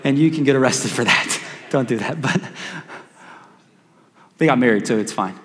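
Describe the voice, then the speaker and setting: A man, a pastor, preaching a sermon in an animated, joking way and calling on the congregation to respond. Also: mid-range voice, normal speed, big-room sound, a little hiss or hum.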